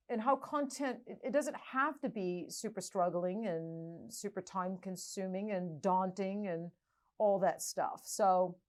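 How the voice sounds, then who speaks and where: A middle-aged woman hosting a podcast, talking casually and haltingly with many restarts. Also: medium pitch. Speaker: podcast host. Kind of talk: casual interview chat.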